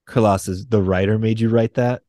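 A young man, co-hosting a podcast, recapping comic books in a casual, excitable, profane way and acting out quotes. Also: lowish voice, a little fast, no room sound, studio quality. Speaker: podcast co-host.

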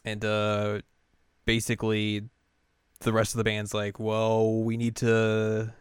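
A man's voice: fairly low pitch, completely flat delivery, slow, smooth, dry recording, studio quality. A man chatting casually as a podcast co-host, retelling a story animatedly and raising his voice for the characters he quotes. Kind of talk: casual chat recapping an anime.

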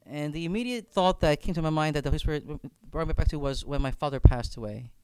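Guy leading a faith chat, earnest, keeps restarting his words, clear voice, kinda high. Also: fast talker, dark tone, no echo. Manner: earnest, repeats words while thinking aloud. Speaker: campus minister. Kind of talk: reflective faith discussion.

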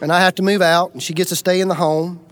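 High-voiced man preaching a dramatic sermon. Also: level tone, quick pace. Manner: dramatic, shifts between loud bursts and quiet intensity; plainspoken, folksy humor. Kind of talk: storytelling sermon.

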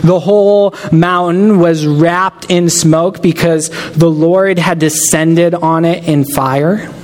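A man's voice: a little high, fairly even intonation, slow pace, darkish tone, big-room sound. A man preaching a sermon, earnest and emphatic, making direct appeals to his listeners.

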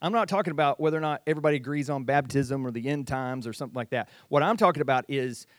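A man's voice: medium pitch, racing, no echo, clean studio sound. A man preaching a sermon, emphatic and varied in pace, repeating key phrases for weight. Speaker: pastor.

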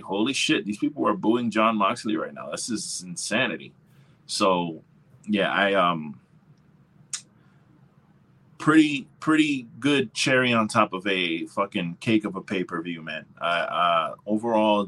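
A man's voice: low-pitched, bright, forceful tone. A man giving his laid-back, profane take on a wrestling show in casual podcast chat. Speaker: podcast co-host.

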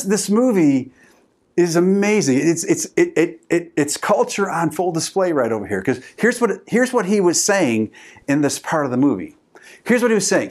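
Fired-up male pastor preaching. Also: on the high side. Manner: energetic preaching with call-outs to the congregation; storytelling, repeats words for emphasis. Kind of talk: sermon.

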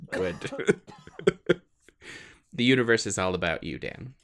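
Lively low-voiced man. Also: takes it slowly. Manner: animated, playful. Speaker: podcast co-host. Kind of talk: casual chat.

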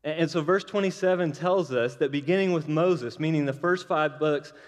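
A man's voice: a little high, moderate pace, in a large hall. A man preaching a sermon, telling stories with energy and acting out the voices of the people he quotes. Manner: animated storytelling, acts out quoted voices.

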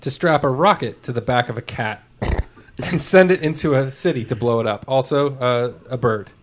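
A man's voice: mid-range voice, normal speed, slight background noise. A man hosting a casual podcast chat, easygoing and chuckling as he leads a new segment. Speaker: podcast host.

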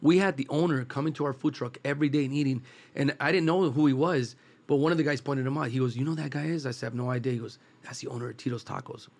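Man, from East Los Angeles, casual storyteller, middle pitch, relaxed, rambling. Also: very fast. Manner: relaxed, rambling anecdotes with quoted dialogue. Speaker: guest, food truck cook.

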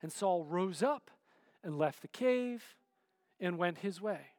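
A man preaching a sermon in a relaxed, conversational way, often checking in with "right?" and filler "like". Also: high voice, takes it slowly, no echo, long reverb tail.

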